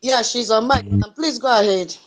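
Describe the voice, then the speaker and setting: A fairly high-voiced woman hands out the mic in an online audio room. She is chatty and teasing as she calls each speaker up. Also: moderate pace, gravelly, noisy background. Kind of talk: casual moderating.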